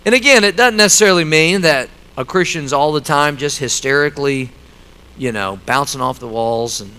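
Animated, bright-voiced male pastor preaching. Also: a little high, normal speed, clean tone, rough recording. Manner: animated preaching, swings from loud emphatic lines to quiet asides; conversational, joking with the congregation. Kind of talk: sermon. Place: church sanctuary.

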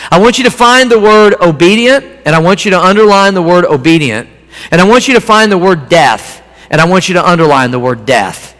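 Folksy high-voiced male preacher. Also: fairly bright tone. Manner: folksy, conversational preaching with repeated phrases. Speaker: pastor. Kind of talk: sermon. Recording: long hall reverb.

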